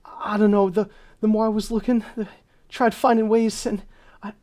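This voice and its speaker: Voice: medium pitch, normal speed, darkish tone, husky. A game master voicing a tender woman reunited with a loved one, who halts and stumbles over her words. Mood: tearful.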